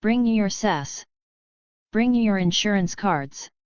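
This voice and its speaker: A woman's voice: mid-range voice, expressive, slow, a little mellow, clean tone, dry recording. A woman voicing a mischievous, cocky teenage wizard in a storybook reading, with a dry, slightly dull recording.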